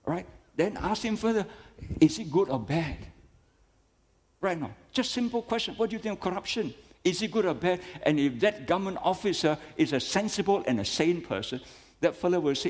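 A man's voice: a little high, expressive, a little fast, darkish tone, in a large hall. A man with a Malaysian English accent preaching a sermon, emphatic and full of rhetorical questions, often calling his listeners friends.

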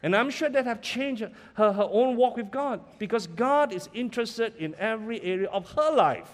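A man's voice: sits high, expressive, moderate pace, long reverb tail. A man with a Malaysian English accent, preaching a sermon as pastor and often asking the congregation questions.

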